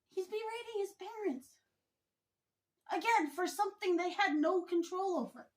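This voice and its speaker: A woman vlogger giving an opinion commentary monologue, speaking in a deliberate, emphatic and indignant way. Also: extremely high pitch.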